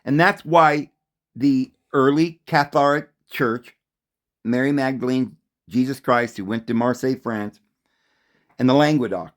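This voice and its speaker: A man's voice: a little slow, no echo. Male host for a religious monologue: emphatic, insistent, dry close sound. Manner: emphatic, insistent, repeats points; acts out voices calling out a name in raised pitch. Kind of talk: solo religious talk monologue.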